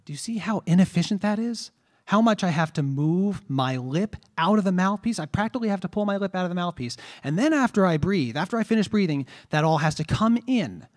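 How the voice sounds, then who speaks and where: A man with a slightly higher voice teaches a trombone masterclass. He explains breathing step by step, asks rhetorical questions and demonstrates vowel sounds aloud. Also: animated, brisk, a little mellow. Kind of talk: masterclass lecture.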